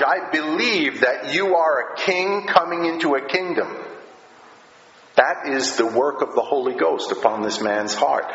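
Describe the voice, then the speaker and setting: A man preaches a sermon at an unhurried, deliberate pace, his voice bright and clear. He explains each point plainly and keeps checking in with the congregation. The sound is slightly dull, with a long echo from a large hall and faint noise underneath. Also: a little high. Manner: explains plainly, often asks "all right?".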